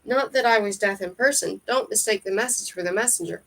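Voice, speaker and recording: A woman reading aloud, voicing a huge skeletal male ferryman who speaks in hushed, hissing, evasive tones. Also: mid-range voice, fairly quick, creaky.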